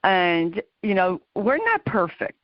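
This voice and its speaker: A woman's voice: mid-range voice, wildly swooping pitch, slow, no room sound, muffled recording. A woman hosting a show for caregivers, chatting in an encouraging way with her guest. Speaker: podcast host for caregivers. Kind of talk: interview conversation.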